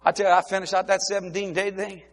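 An older man preaching a sermon, telling joking stories with exuberant bursts of shouting. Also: sits high, little pitch movement, fast.

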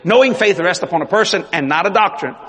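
A man preaching a sermon as pastor, animated, swinging between loud and hushed. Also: high-pitched, quick pace, breathy edge. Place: large church hall. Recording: long reverb of a large hall.

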